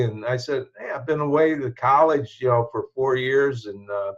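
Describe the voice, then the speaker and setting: A man's voice: medium pitch, moderate pace, few pauses. An older man from the United States looks back on his life, speaking with a mid-range voice in a casual, meandering way. He restarts his sentences and chuckles to himself as he goes. The recording sounds dull and slightly lo-fi. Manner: reflective, rambling, with restarts and chuckles. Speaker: show host telling his life story. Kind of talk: casual personal storytelling.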